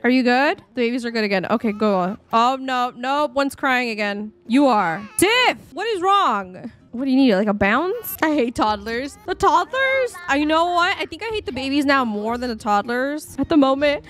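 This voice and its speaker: A woman's voice: on the high side, fairly quick, hardly any pauses. Chatty young woman streaming a game. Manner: chatty, rambling, reacting aloud to the game. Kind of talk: casual live-stream commentary.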